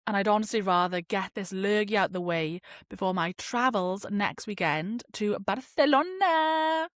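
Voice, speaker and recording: A woman rambles through a solo podcast, chatty and sweary, dropping fillers as she goes while she fights off a cold. Her voice sits mid-pitch, recorded close and dry with no room sound. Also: a bit bright, no room sound. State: has a cold. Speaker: podcast host. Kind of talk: casual solo podcast chat.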